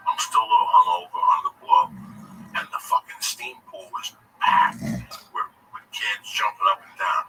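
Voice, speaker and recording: A man's voice: on the low side, moderate pace. A man telling a long personal story in casual, profane speech, often calling his listener by name. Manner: profane, animated, keeps addressing the listener by name. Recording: distant mic with faint background noise.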